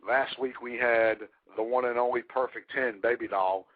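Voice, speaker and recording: Male radio co-host, mid pitch, chatty and jokey, phone-like tinny audio. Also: steady tone, moderate pace. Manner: chatty, joking, fan-like enthusiasm. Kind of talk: radio interview.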